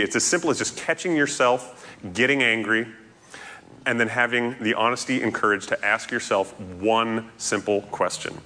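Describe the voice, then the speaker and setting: A man preaching a sermon in an animated, playful way, jumping to loud highs and dropping to quiet asides. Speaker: pastor. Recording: echoey hall reverb.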